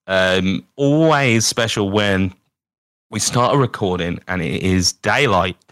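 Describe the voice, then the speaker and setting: A man's voice: deep voice, slow pace, a bit bright, dry recording, studio quality. A British man co-hosting a podcast, rambling and self-deprecating, swearing often. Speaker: podcast co-host. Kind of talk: casual podcast chat.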